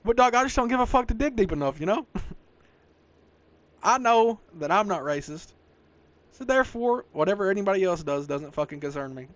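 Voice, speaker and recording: A man in his twenties with a thick Southern US accent hosts a casual podcast. He rambles and swears freely, tossing in "bro" and "dog" constantly. His voice runs a bit high for a man. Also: lively intonation, normal speed, long pauses, fairly bright tone, no echo. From American South. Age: 20s. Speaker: podcast host. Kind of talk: casual chat.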